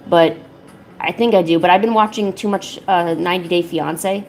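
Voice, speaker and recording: A woman's voice: steady tone, moderate pace, a little hiss or hum. A young woman streaming casually from home, chatting and joking with her viewers. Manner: chatty, jokey, breaks into high baby talk with her cats. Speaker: art streamer. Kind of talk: casual livestream chat.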